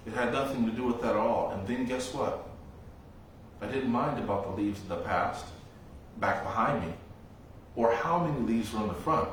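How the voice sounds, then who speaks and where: Slow-spoken man in an echoey room. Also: mid-range voice, recorded from a distance, slight background noise. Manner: slow, reflective storytelling with long pauses. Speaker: Buddhist monk teacher. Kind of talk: dharma talk.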